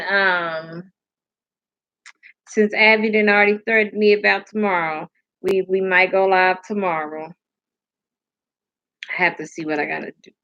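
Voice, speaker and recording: A woman's voice: medium pitch, sharp tone, highs cut off. A sleepy woman hosting a casual live stream, rambling, laughing and answering comments from her chat.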